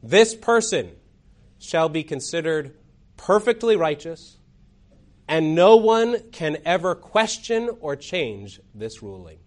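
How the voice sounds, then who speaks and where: A man preaching, voicing a stern courtroom judge who delivers a ruling in a measured, grave way. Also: on the high side, very animated.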